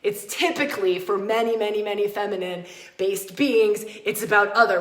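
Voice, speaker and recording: A podcast host with a mid-range voice speaks at a moderate pace in an echoey room. Her spiritual teaching is passionate and emphatic, with phrases repeated for emphasis.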